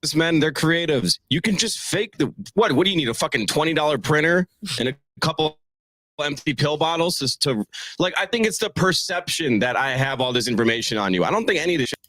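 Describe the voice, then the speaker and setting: A man's voice: fairly high pitch, fairly quick, dry recording. A man in a heated talk debate, incredulous and swearing as he argues. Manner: incredulous, profane, animated.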